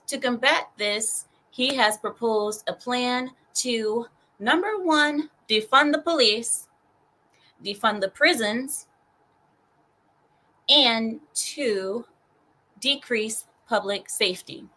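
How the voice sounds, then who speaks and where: Young woman host with a sarcastic, animated ranting delivery and a bright voice. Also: fairly high pitch, slow, low-quality recording. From California. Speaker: streamer and host. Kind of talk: ranting news commentary.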